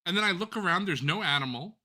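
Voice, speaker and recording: On a live stream, a co-host tells a long story in a very bright, ringing, fairly high voice. He speaks fast, casual, animated and profane.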